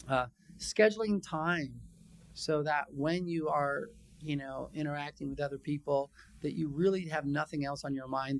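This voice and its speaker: A man, a psychologist, giving a conference training session in a conversational, animated way, acting out quotes from his patients. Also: mid-range voice, gravelly. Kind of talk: conference lecture.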